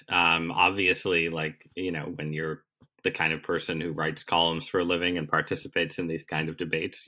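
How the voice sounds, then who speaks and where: A man's voice: low voice, sharp tone. A man being interviewed as a guest columnist, talking casually with wry, self-deprecating humor.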